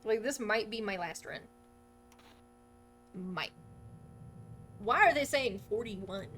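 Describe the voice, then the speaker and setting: A young woman live-streaming a video game, chatting to viewers in an excitable way, laughing often and swearing now and then. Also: mid-range voice, slow pace, faint music behind. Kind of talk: live gaming stream chat.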